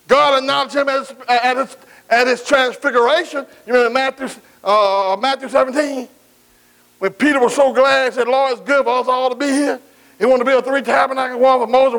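High-voiced preacher man. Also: vocal fry, a bit bright, low-quality recording. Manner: call-and-response preaching, drawn-out scripture quotes, folksy asides. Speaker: pastor. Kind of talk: sermon.

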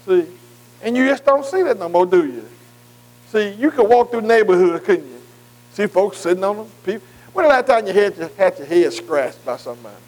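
A man's voice: sits high, animated, brisk, a little mellow, low-quality recording. An older man preaching a folksy sermon, often checking in with his congregation. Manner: folksy, calls for congregation response.

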